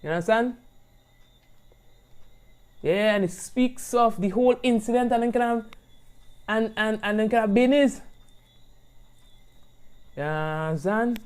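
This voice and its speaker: A man with a Grenadian accent hosting a live-stream talk show in an animated, chatty way, often checking in with his listeners. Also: sits high, measured pace, long pauses, smooth. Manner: animated and chatty, often asking "you understand?". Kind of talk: casual talk-show commentary.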